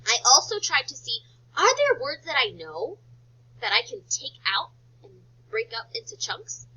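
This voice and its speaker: Animated, high-voiced woman teaching phonics. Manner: slow, sing-song, exaggerated teacher talk. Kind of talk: phonics lesson for young children. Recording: dull lo-fi recording.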